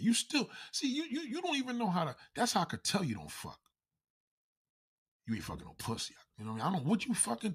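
Husky low-voiced man ranting. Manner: heated, mocking, swears constantly. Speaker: vlogger. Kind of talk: profane comedic rant to camera.

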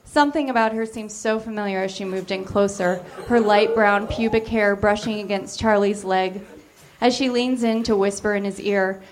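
A woman giving a deadpan, matter-of-fact comic reading of fan fiction on a theater stage. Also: medium pitch, a little hiss or hum. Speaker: reader.

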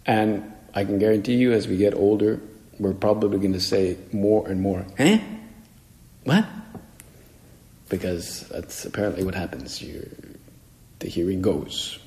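A priest delivers a homily conversationally, acting out the voices he quotes, in a mellow, fairly low voice with fairly even intonation at normal speed. The hall is echoey with long reverb.

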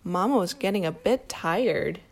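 A woman's voice: lowish voice, lively intonation, measured pace, darkish tone. Woman reading a picture book aloud. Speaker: storybook reader.

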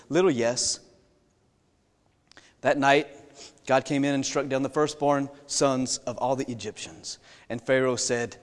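A man's voice: on the high side, normal speed. A man preaching a sermon, retelling a Bible story in a folksy way with jokey asides and questions to the congregation. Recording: long reverb in a large hall.

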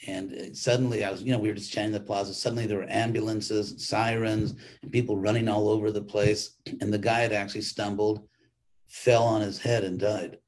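A man's voice: fairly low pitch, little pitch movement, fairly quick, a little mellow, slight background noise. An older man, a monk, giving an informal weekly class in a rambling, conversational way with frequent restarts.

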